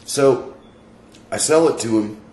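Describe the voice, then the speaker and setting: A man's voice: medium pitch, measured pace, darkish tone, reverberant, a little hiss or hum. A man co-hosting a podcast, chatting casually and telling stories with friends. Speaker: podcast co-host. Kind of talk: casual chat.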